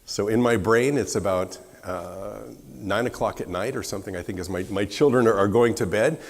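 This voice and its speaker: An American man giving a conference keynote, telling a story in an animated way, slightly hoarse from a cough. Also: lowish voice, normal speed. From United States. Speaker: keynote speaker. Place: large conference hall. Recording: reverberant hall sound.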